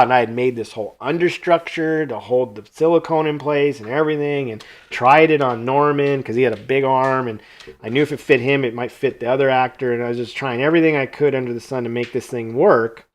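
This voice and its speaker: Guy hosting a live stream from his art studio, telling a story, acts out the quotes, mid pitch, goes quiet on the asides. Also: brisk. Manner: animated anecdote-telling that acts out quoted dialogue, trailing off quietly. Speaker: host and creature sculptor.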